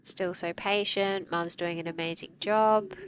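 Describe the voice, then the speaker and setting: A woman's voice: fairly low pitch, steady tone, measured pace, a little hiss or hum, low-quality recording. A woman dog trainer giving a conversational commentary on a training video, explaining things through acted-out examples.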